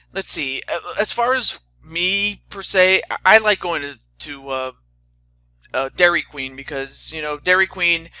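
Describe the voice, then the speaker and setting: A man's voice: fairly high pitch, bright, forceful tone. A young man hosting a casual chat, rambling with stammering restarts and fillers. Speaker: host.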